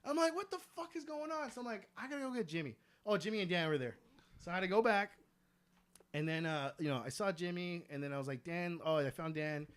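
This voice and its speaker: A man, a comedian guest on a podcast, telling a story in an animated way, swearing a lot and acting out what other people said. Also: high-pitched, fast talker.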